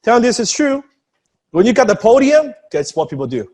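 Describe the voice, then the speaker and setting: Animated husky man coaching speakers. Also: very high voice, a little fast. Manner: animated, profane, demonstrates with acted asides. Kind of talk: casual coaching chat.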